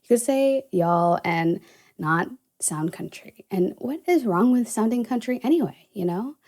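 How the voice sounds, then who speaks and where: A woman's voice: mid-range voice, lively intonation, unhurried, darkish tone. A young woman from the American South, without a Southern accent, hosting a casual solo podcast and rambling with lots of "you know" and "uh". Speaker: podcast host.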